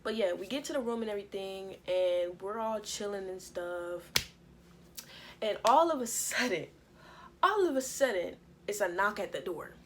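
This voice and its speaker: A woman's voice: mid-range voice, moderate pace, a little hiss or hum. Young woman telling a profane storytime. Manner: casual, profane, animated storytelling. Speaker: vlogger. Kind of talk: storytime vlog.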